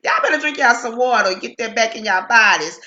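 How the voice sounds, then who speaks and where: A woman's voice: on the high side, expressive, a little fast, pushed and bright, reverberant, muffled recording. A middle-aged woman hosting a casual live stream from home, chatty and greeting viewers by name, with a lingering cough. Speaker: livestream host. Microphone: computer webcam mic.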